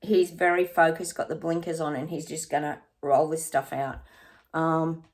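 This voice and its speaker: A woman's voice: sits low, level tone, normal speed, darkish tone. A woman psychic chatting through her predictions in a rambling, casual way, sometimes dropping to a near-whisper.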